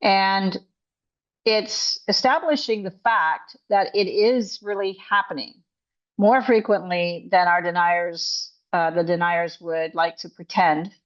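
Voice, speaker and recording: A woman's voice: lowish voice, takes it slowly, lo-fi sound. A woman coach and author speaking as an interview guest, emphatic and indignant, often restarting her sentences. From Canada.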